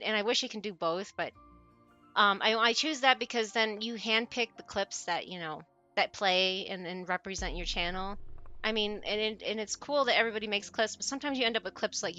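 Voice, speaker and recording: Bright-voiced woman streamer chatting. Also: medium pitch, a little fast, faint music behind. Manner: chatty and giggly, trailing off and restarting. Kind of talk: casual live-stream chat.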